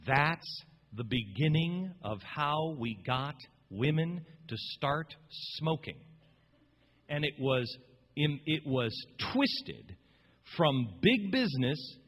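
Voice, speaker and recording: A man's voice: on the high side, big pitch swings, slow, highs cut off. Impassioned storytelling radio host man. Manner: impassioned, rambling, emphatic. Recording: long reverb.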